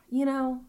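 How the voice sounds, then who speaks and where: A young woman co-hosting a casual podcast chat, swearing freely, filling her talk with likes, and jumping into silly voices. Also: a little hiss or hum. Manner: animated, swearing, lots of fillers, jumps into silly voices. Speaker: podcast co-host.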